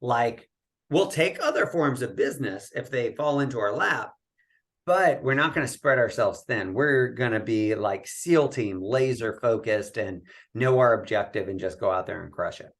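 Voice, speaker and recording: Animated man coaching in an interview. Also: mid-range voice, normal speed. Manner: animated, coaching tone with frequent "right?" tags. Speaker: real estate coach, guest. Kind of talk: conversational podcast interview.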